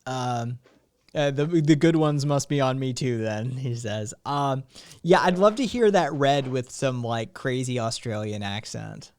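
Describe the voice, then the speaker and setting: A man's voice: medium pitch, a little slow, clean tone. A man hosting a casual streamed podcast chat, sarcastic and laughing, swearing freely. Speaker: podcast host.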